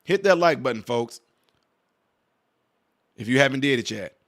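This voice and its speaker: Here the reaction-video host sounds unhurried and fairly bright, his mid-range voice rising and falling lively. Still addressing viewers directly as "y'all," he tosses out exasperated, mocking rhetorical questions as he comments.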